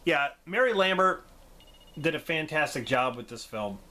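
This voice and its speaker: A man's voice: on the high side, expressive, normal speed, sharp tone, slight background noise. A man giving a casual, enthusiastic movie review for his channel, gushing and laughing often.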